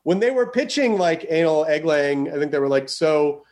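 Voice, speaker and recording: A man's voice: a little high, lively intonation, brisk, darkish tone. Rambling, profane man on a podcast. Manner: rambling, profane, laughs often. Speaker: podcast host. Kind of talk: casual comedic chat.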